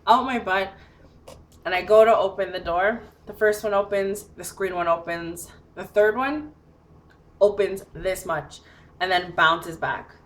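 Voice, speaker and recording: A woman's voice: medium pitch, a little slow. A woman telling a casual story to her camera, full of "like" and "you know", acting out her own lines as she goes. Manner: animated, filler-heavy, acts out her own lines. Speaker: vlogger.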